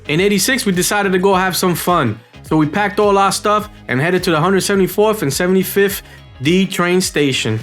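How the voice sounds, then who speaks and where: A middle-aged man from the Bronx with a New York accent, telling a story in a casual, slangy, animated way. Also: sits high, normal speed, faint music behind. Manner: animated, slangy, acts out quoted voices.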